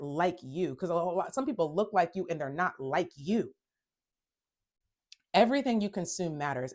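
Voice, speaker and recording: A woman hosting a self-help talk, speaking emphatically, repeating phrases for stress and growing heated when she is upset. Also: lowish voice. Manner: emphatic, repeats phrases, addresses listeners as y'all; gets worked up and loud when upset. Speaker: host.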